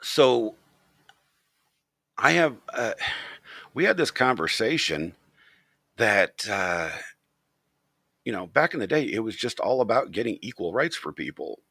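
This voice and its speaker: A man's voice: lowish voice, very animated, unhurried, creaky, pauses often, a bit bright, husky, no echo, clean studio sound. A man hosting his channel, talking straight to the camera in a blunt, profane, opinionated rant. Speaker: channel host.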